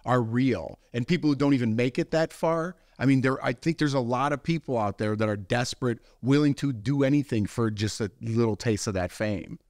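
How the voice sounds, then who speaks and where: A man's voice: mid-range voice, brisk, hardly any pauses, no echo, studio quality. Man rambling casually with a co-host. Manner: relaxed, rambling, lots of "like" and "you know". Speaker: podcast co-host. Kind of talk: casual chat.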